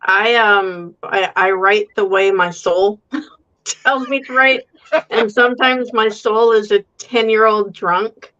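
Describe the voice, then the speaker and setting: A woman speaking as a guest author, wry and self-mocking, laughing often. Her voice has an ordinary middle pitch. The recording is somewhat dull and lo-fi. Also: takes it slowly, bright, forceful tone. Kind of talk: casual chat.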